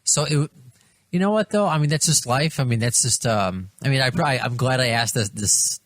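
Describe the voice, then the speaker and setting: A man hosting a podcast interview, asking questions in a halting way with many restarts. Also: mid-range voice, a bit bright, no room sound, clean studio sound. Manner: hesitant, many restarts, laughs along. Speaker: podcast host. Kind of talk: casual interview.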